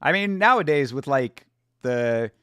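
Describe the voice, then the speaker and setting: A man's voice: mid-range voice, animated, unhurried, pushed and bright, clear, resonant tone, dry recording, studio quality. A man hosting a fight watch-along stream, chatting loosely with viewers, joking and swearing a lot. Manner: loose, profane, joking, talking to chat. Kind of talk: casual livestream chat reacting to fights.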